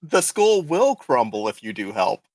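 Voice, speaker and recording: A man playing a calm, secretive patron. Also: mid-range voice, unhurried, no room sound, voice pushed down. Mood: evasive. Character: evasive secretive male adult patron, calm menace.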